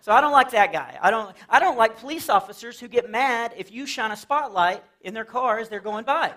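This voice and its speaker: A very high-pitched, bright voice comes across animated, brisk and forceful. The speaker is a Texas man doing playful, chatty stand-up for a live church audience in a fellowship hall, diving into silly character voices for his jokes.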